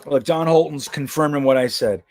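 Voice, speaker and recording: Hosting a laid-back live stream about football, a man rambles, cracks jokes, and swears a lot. His voice is fairly high and a little mellow, at a moderate pace, with no echo.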